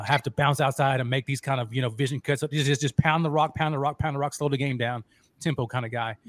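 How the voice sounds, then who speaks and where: A man hosting a casual sports fan show, excitable and restarting his sentences with repeated words. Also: medium pitch, no echo. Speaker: host.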